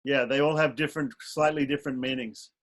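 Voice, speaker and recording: A male student joining a class discussion at an average pitch. He puts his ideas forward tentatively, hedging and pausing as he searches for his words. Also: steady tone, a bit bright. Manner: tentative, suggesting.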